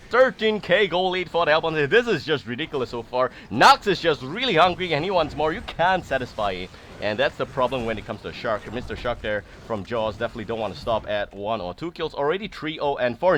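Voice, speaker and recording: A man casting an esports match with rapid, excitable play-by-play that rises loud on big plays. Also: medium pitch, slight background noise. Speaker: esports caster.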